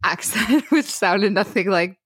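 A young woman, co-hosting a podcast and telling a story in a casual, animated way, full of fillers. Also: mid-range voice, measured pace, husky, no room sound, studio quality. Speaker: podcast co-host.

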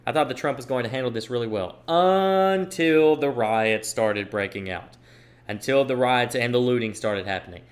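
A man's voice: medium pitch, normal speed. Young male commentator, solo opinion monologue, emphatic, repeats lines for stress, mid-range voice. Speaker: political commentator. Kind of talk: opinion monologue reading tweets aloud.

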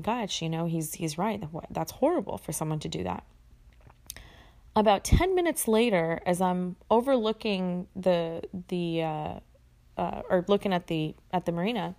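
Woman with a gravelly, creaky voice. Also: fairly low pitch, darkish tone. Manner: conversational, with fillers and self-corrections. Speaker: storyteller. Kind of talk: personal story told casually.

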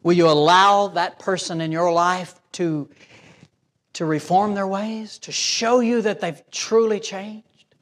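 A man's voice: high voice, slow. A man preaching a sermon as pastor, emphatic, reading scripture aloud and acting out imagined voices.

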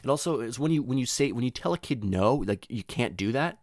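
A young man rambles through a casual story, swearing freely and slipping into voices for the people in it. His pitch swings widely. The recording is very dry, with no room sound. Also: animated, fairly quick, dry recording. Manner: rambling, profane, slangy, acts out voices.

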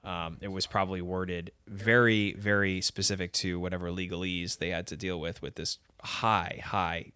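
A man's voice: deep voice, little pitch movement, moderate pace, few pauses, bright, forceful tone, smooth, no echo. A man co-hosting a podcast, recapping events in casual chat and laughing easily. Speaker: podcast co-host.

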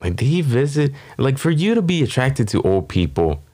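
A man's voice: medium pitch, sing-song, normal speed, mellow. A man hosting a comedy podcast, riffing casually with a rambling, profane delivery full of fillers. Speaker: podcast host.

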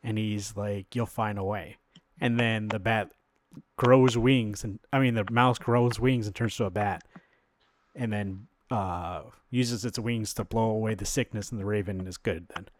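A man's voice: fairly low pitch, a little slow, no room sound. A man co-hosting a podcast, casually retelling a comic book plot, acting out the characters' lines and swearing now and then. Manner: animated storyteller, acts out quotes, swears casually. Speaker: podcast co-host.

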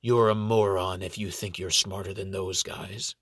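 A man's voice: deep voice, fairly even intonation, normal speed, a bit bright, husky, dry recording, pitched below the performer's own voice. A tall, arrogant ranger who has no patience for anyone, as a man puts him on. His lines come out clipped and dismissive, in a dry, close voice with no room sound. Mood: indignant. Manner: brusque, dismissive. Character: tall muscular male ranger, arrogant and impatient.

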